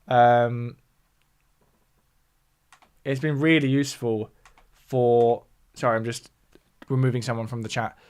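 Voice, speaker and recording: Slow and flat, with long pauses, this mid-range voice has a clean, darkish tone. It belongs to a southern English music YouTuber with a matching accent, casually explaining things on his livestream and reacting to chat between points.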